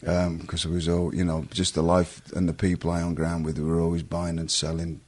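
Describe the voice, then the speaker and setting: English man, middle-aged, very low husky voice, chatty rambling interview guest. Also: completely flat delivery, brisk, a little mellow. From England. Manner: rambling, self-interrupting storyteller. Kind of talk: casual storytelling interview.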